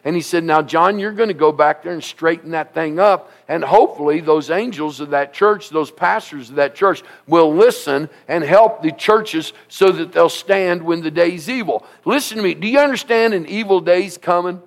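A man preaching a sermon as pastor, emphatic and repetitive, rising at times to shouts. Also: fairly high pitch, moderate pace, gravelly, few pauses.

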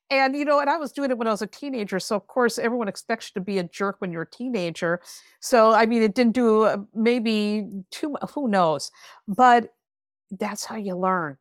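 A woman's voice: on the high side, moderate pace, no room sound, clean studio sound. Blunt, emphatic woman giving advice. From rural area. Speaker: tarot reader guest. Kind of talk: candid advice in a podcast conversation.

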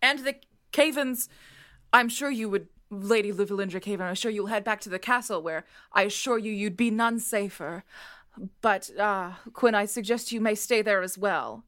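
A woman's voice: medium pitch, normal speed, a bit bright, natural voice. A woman voicing a commanding male noble in a tabletop game, speaking formally and reassuringly. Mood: formal, assured.

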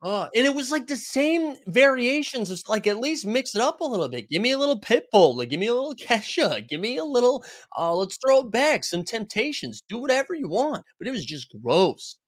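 A man hosting a casual sports talk stream, animated and rambling, who swears freely and reads from the chat. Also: extremely high pitch, a little fast, dry recording. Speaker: podcast host reading chat.

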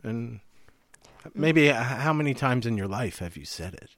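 A man co-hosting a podcast in relaxed conversation, thinking aloud with frequent asides. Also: medium pitch, unhurried, no room sound. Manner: reflective, thinks aloud with many "you know" asides. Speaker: podcast co-host.

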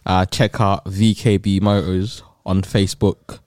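A man's voice: deep voice, little pitch movement, measured pace, darkish tone, no echo, clean studio sound. A young man, a podcast guest talking in blunt, offhand, slang-heavy casual chat.

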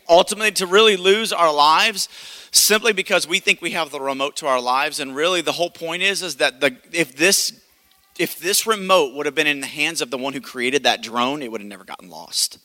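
A man in his thirties preaching a sermon, telling a personal story in an animated way and acting out the voices. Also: on the high side. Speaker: pastor. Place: church hall. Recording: long hall reverb.

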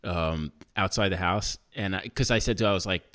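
A podcast co-host, a self-employed married man, tells a story in casual conversation, acting out other people's lines and swearing for emphasis. His voice is low-pitched and a bit bright, and he talks a little fast.

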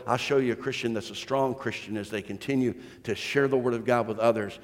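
A man's voice: medium pitch, long reverb tail. A male pastor preaching a sermon, building emphasis with repeated phrases and rhetorical questions.

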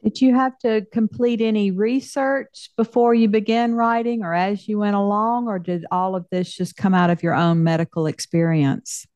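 A woman hosts a podcast and asks her guest measured questions. Her voice sits in a middle range. The recording is dry and close. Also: mid-range voice, fairly even intonation, a little mellow, dry recording. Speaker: podcast host. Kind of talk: interview questions.

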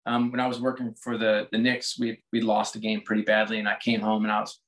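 Lowish and monotone, this man talks fast with a fairly bright tone, recorded roughly. As a guest in a conversational interview, the American sports executive in his forties is candid and reflective, often beginning sentences again.

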